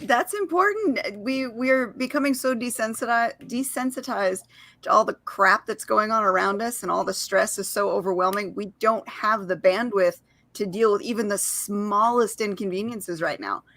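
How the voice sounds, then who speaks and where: A woman's voice: medium pitch, moderate pace, a bit bright, no room sound. A woman co-hosting a casual video-call chat, offering sympathetic, reassuring comments. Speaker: co-host.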